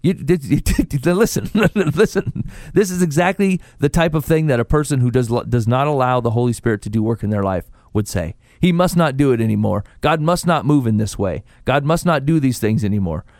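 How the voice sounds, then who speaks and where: A man on a faith podcast, chatting casually and telling stories with animated quoted asides. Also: medium pitch, a little fast, hardly any pauses, no echo, clean studio sound. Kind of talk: casual chat about faith.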